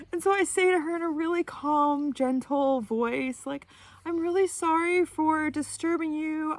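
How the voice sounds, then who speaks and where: A woman telling a story in a casual vlog, animated, with many "like" fillers. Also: mid-range voice, no room sound. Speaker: vlogger. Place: in her van.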